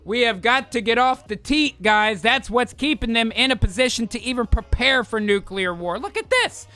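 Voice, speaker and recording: A fired-up man delivers profane political commentary to his podcast audience. His voice sits high and bright, with a crisp edge. A little music plays faintly behind him. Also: lively intonation, moderate pace. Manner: heated, swearing, rants at the audience. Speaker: podcast host.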